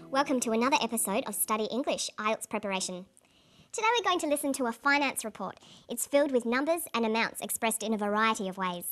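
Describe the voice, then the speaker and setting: A woman with a fairly high voice hosts a scripted English lesson. She speaks clearly and carefully, pronouncing each word for learners. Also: a bit bright. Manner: clear, measured, carefully enunciated delivery. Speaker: English language teacher presenting the lesson. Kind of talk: scripted educational presenting.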